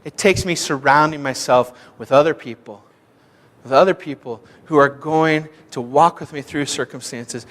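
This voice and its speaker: A young male pastor from Kansas preaches in a church, his high, bright voice carrying a long hall reverb. He tells stories with animated energy, acting out the dialogue with shouts and laughter. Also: moderate pace. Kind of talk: sermon with storytelling. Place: church sanctuary.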